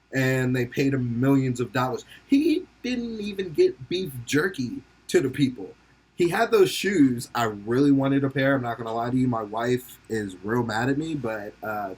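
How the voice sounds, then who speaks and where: A young man with a mid-range, husky and slightly mellow voice hosts a podcast. His casual commentary rambles and jokes, full of laughter and free swearing, and he puts on silly voices whenever he quotes someone.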